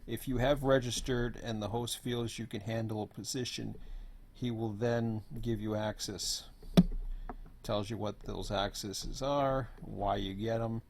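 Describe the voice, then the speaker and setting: A hoarse man who is losing his voice gives a rambling, offhand walkthrough as host of an online server. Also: fairly low pitch, steady tone, unhurried, a little hiss or hum. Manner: rambling, offhand, says "blah, blah, blah". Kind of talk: casual screen walkthrough.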